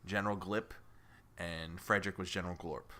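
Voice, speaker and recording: A man's voice: low voice, steady tone, fairly quick, pushed and bright. A young man co-hosting a comedy podcast, playfully telling a story in casual chat and laughing a lot. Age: young adult. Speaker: podcast co-host.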